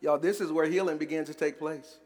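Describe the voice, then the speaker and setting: A man's voice: on the high side, fairly even intonation, a little fast, darkish tone. A man preaching a sermon as pastor, emphatic and conversational, calling on the congregation to respond. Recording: echoey church hall.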